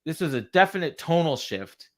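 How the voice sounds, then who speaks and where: A man's voice: on the high side, very animated, normal speed. Chatty man co-hosting a livestream podcast. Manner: chatty, laughs often, answers viewer comments. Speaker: podcast co-host. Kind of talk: casual livestream recap chat.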